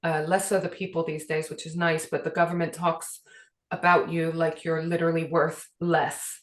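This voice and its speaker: A woman's voice: low voice, flat delivery, normal speed. Earnest British woman, echoey room. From Britain. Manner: earnest, emotional, many fillers. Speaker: podcast co-host. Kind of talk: casual chat.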